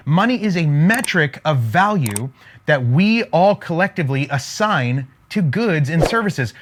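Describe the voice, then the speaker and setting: A man's voice: on the high side, sing-song, a little slow, background noise. A man giving an emphatic, repetitive motivational lesson on making money, in the manner of a preacher. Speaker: online business coach.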